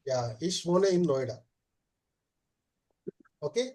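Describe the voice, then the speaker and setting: A man, teaching a live German class, explaining slowly with many "uh" fillers and checking in with "okay?". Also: on the high side, very animated, a little mellow.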